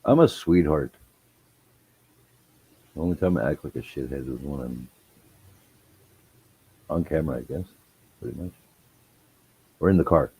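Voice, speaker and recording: Speaking in a very deep, dark, expressive voice, this man is a guest on a livestream, telling laughing, teasing stories packed with swearing. He keeps a moderate pace, pauses often, and there's slight background noise.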